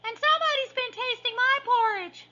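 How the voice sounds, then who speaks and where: Super high squeaky little bear cub, lady reading does him, very bright, kinda muffled audio. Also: moderate pace. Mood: whiny. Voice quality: shrill, squeaky. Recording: dull lo-fi recording.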